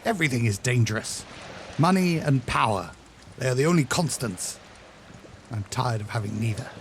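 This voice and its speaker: A man's voice: animated, moderate pace, natural voice. A desperate young nobleman, played by a man in a tabletop horror game. His pleading voice swings widely up and down. Background hiss sits under the recording. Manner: pleading, high-strung.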